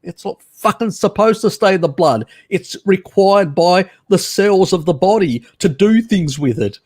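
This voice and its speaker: Man, live stream host, casual chat, teasing, laughs a lot, slightly high voice. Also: lively intonation, unhurried, a little mellow, slightly rough. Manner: laughs often, teasing and cheeky.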